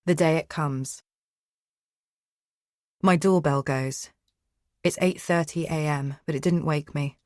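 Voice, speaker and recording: Woman, low voice, audiobook narration, tense and hushed, dry studio sound. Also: slow, pauses often, no room sound. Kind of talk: first-person thriller narration.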